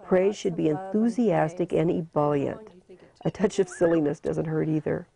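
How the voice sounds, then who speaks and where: Brief: a woman narrator with a low, gravelly voice and an instructive delivery, over a noisy recording. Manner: measured and instructive. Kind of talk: scripted documentary narration. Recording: noisy recording with clear hiss.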